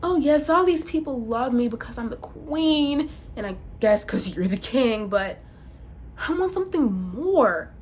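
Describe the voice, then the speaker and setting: A woman's voice: fairly high pitch, expressive, a little slow, slight background noise. A woman voicing a grasping, ambitious wife who always wants more, whiny and demanding. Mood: longing.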